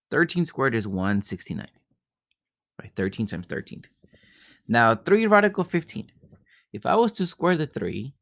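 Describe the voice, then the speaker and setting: A man's voice: medium pitch, a bit bright, dry recording, studio quality. A male math teacher working through geometry problems step by step, often repeating himself and checking in with "right?". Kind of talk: recorded math lesson.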